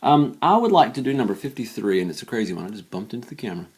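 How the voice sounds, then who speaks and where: A man's voice: on the low side, sing-song, rapid-fire, slightly rough. A tired man talking casually and thinking aloud as he works through math problems late at night, joking about his own slips. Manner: chatty, thinks aloud while solving, self-deprecating. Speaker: math teacher. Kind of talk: casual worked-example math lesson.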